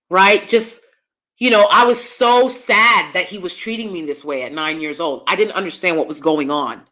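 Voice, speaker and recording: A woman vlogger in a personal rant who is blunt and heavy on profanity. Her voice is bright and forceful, and she hits her points hard. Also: fairly low pitch, moderate pace. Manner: calls herself loud.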